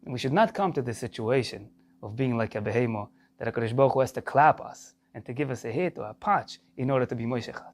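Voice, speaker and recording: A man's voice: mid-range voice, fast. A man, a rabbi giving a Torah lesson in English full of Hebrew terms and rhetorical questions.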